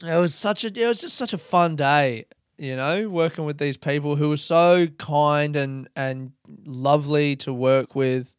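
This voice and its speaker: A man's voice: a little high, measured pace, clear, resonant tone, dry recording, studio quality. A young man talking in a rambling, self-deprecating casual monologue, swearing freely.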